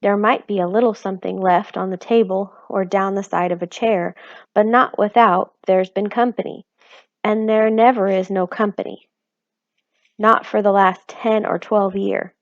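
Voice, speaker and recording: A woman's voice: medium pitch, fairly even intonation, normal speed, no room sound, close to an everyday voice. A weary, plain-spoken tiny father from a storybook, as a woman reading aloud puts him on. He talks in a tired, rustic way. The recording sounds dull and dry.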